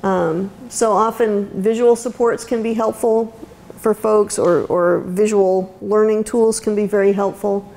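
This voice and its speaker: A woman's voice: mid-range voice, fairly even intonation, measured pace, vocal fry, warm tone. A woman giving a conversational lecture as an autism educator, with frequent ums and restarts. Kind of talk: university lecture talk. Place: lecture room.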